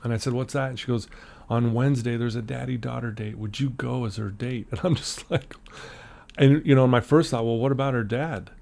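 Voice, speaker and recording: Gravelly and a little fast, at medium pitch, this middle-aged man from Utah, USA is a guest on a podcast. He narrates a personal story in a casual interview, animatedly imitating the voices of the people in it.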